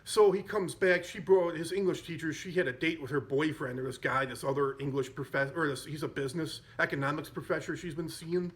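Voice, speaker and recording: In a fairly high, fairly even voice, this podcast host talks quickly with few pauses. He's casually recounting a comedy film, stumbling through fillers and self-corrections along the way.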